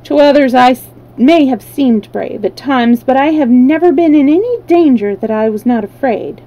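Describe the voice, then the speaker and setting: A woman voicing a large male lion who speaks gravely and politely about his own fear. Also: high voice, expressive, normal speed, dark tone, muffled recording.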